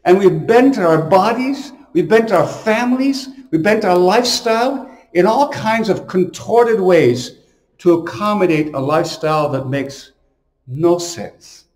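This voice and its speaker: A man's voice: sits high, unhurried, darkish tone, roomy sound. A man preaching as a priest, telling stories and stressing his points with sudden emphatic bursts. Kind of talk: homily to camera.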